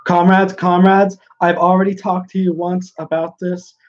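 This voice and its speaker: A man voicing a fussy, easily agitated male convention speaker who pleads for quiet in a prissy, drawn-out way, on a dull lo-fi recording. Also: high-pitched, flat delivery, voice pushed up, natural voice. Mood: fussy pleading. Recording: dull lo-fi sound.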